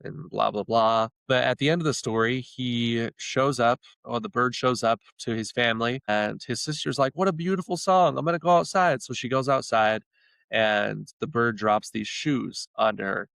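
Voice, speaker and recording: Creaky-voiced man rambling through a tale. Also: medium pitch, fairly even intonation, moderate pace, a bit bright, no room sound. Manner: rambling, many fillers and restarts. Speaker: guest. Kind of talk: casual storytelling chat.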